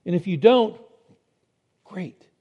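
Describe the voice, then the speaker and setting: A man's voice: sits high, expressive, slow pace, phone-quality sound. A man preaching a sermon in a conversational way, explaining step by step and asking his listeners rhetorical questions.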